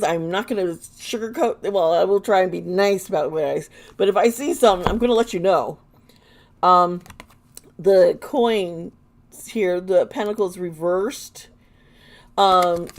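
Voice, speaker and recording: A woman giving live tarot readings to viewers, chatty and blunt, often laughing as she talks. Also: medium pitch. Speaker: tarot reader.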